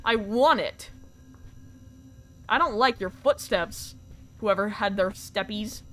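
A young woman streaming a horror game live, reacting with excitement, swearing, and thanking her viewers. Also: medium pitch, slow. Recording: music playing faintly behind. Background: faint game music.

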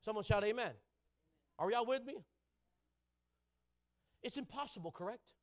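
A man preaching a sermon in a church, calling out to the congregation and rising into loud shouting. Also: high-pitched, animated, moderate pace. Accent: Southern California. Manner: call-and-response preaching, building to loud shouting. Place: church sanctuary.

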